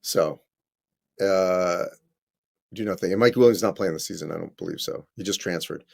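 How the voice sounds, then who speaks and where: A man working as a college basketball correspondent, answering viewer questions on a live stream in a conversational way, with frequent ums and quick self-corrections. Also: deep voice, vocal fry, darkish tone.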